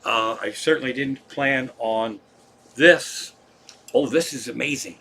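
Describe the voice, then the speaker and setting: Guy comedian rambling and cussing on a live stream, bright voice. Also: medium pitch, unhurried, slight background noise. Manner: profane, rambling storytelling. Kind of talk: rambling casual stand-up chat.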